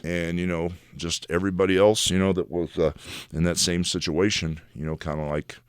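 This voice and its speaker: An older man talks as a guest in a radio studio, his voice sitting a little low. He rambles through animated stories, leaning on "dude" and "brother". The sound is close and dry. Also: moderate pace, smooth, no room sound. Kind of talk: casual radio studio chat.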